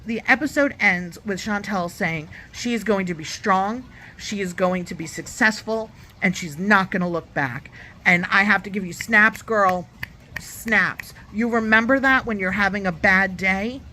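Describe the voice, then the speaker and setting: A woman's voice: medium pitch, sharp tone, slight background noise. A woman giving a chatty, opinionated review of a reality show in her own vlog, sometimes acting out lines in other voices. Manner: chatty and opinionated, acts out quotes. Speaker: YouTube reviewer.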